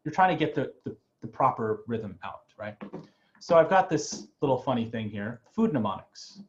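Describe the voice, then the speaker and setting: A man's voice: mid-range voice, sing-song, moderate pace. Chatty male professor on a dull video call. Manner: loose, chatty, asks "right?" often. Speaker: music professor. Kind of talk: online class lecture.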